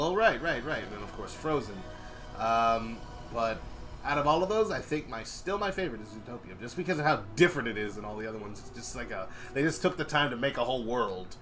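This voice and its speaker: A young man talks casually on a live stream, his pitch swinging widely as he jokes and riffs. Music plays clearly behind him. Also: fairly bright tone. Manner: jokey, breaks into silly sung bits and mock voices.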